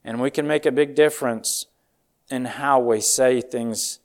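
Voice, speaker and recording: A man preaching a sermon in an earnest, measured way, reading scripture verses aloud and closing in a soft-spoken prayer. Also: mid-range voice, steady tone. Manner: earnest, reads scripture aloud in measured old-style phrasing.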